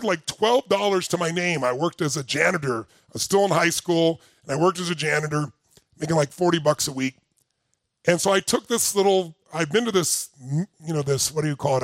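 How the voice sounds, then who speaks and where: A middle-aged man giving an animated, emphatic motivational talk to a live audience, rising to near-shouting as he tells a story. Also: high voice, gravelly, no room sound. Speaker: motivational speaker.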